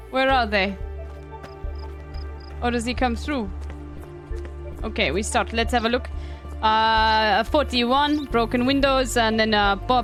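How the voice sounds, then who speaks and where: A woman's voice: on the high side, fairly bright tone. A young woman streaming a game live, talking casually and chattily, swearing and poking fun at herself. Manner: chatty, swears, self-deprecating. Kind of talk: casual gaming commentary.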